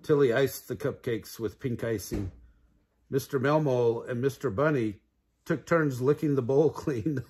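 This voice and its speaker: A man's voice: mid-range voice, unhurried, darkish tone, breathy edge. An older man reading a children's storybook aloud, adding sound effects.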